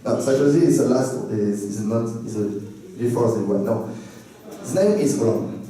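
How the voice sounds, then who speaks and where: Man, French accent, mellow voice, playful talk in broken English, distant, very echoey room. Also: medium pitch. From France. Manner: playful, laughs often, halting English. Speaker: workshop presenter. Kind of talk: convention talk to an audience. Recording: echoey hall, distant mic.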